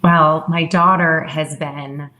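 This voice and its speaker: Her voice is deep, bright and forceful, with fairly even intonation and a slow pace. She's a fitness founder in her thirties, a guest in a candid interview conversation, reflecting openly and frequently repeating her own words in a raised voice.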